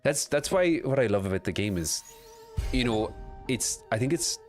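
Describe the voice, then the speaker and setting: A man's voice: medium pitch, expressive, normal speed, soft background music. A man casually commenting while he plays a video game, chatting about its story lore. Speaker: streamer.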